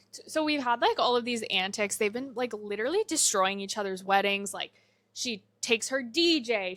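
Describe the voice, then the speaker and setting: A woman's voice: a little high, sharp tone, dry recording. A young woman cohosting a movie podcast, chatting casually and acting out movie lines as she retells scenes. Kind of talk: casual chat.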